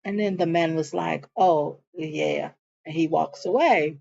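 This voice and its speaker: A woman's voice: sits low, normal speed, vocal fry, a little mellow, breathy edge. A woman giving a chatty, slangy, casual recap of a TV episode. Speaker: show recapper. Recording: dull lo-fi recording.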